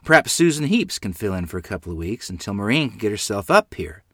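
A man's voice: fairly low pitch, big pitch swings, fast talker, a bit bright, no room sound. Man voicing a sensible old pioneer grandmother, dry close sound. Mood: reassuring. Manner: reassuring and practical. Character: kindly older grandmother, practical.

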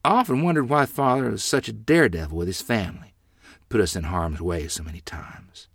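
A man's voice: lowish voice, fairly quick, husky, dry recording, clean studio sound. A man narrating a family memoir with dramatic, vivid emphasis. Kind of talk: storytelling memoir reading.

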